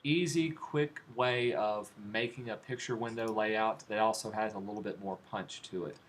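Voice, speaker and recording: In a fairly low voice at a moderate pace, a man leads a design class, showing steps on his computer as he goes. He stays relaxed, talking while he clicks and quizzing his students. Faint background noise can be heard.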